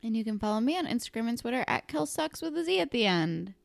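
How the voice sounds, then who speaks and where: A woman's voice: fairly high pitch, big pitch swings, fast talker, creaky, dry recording. A young woman co-hosting a podcast, chatting casually and reacting eagerly. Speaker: podcast co-host.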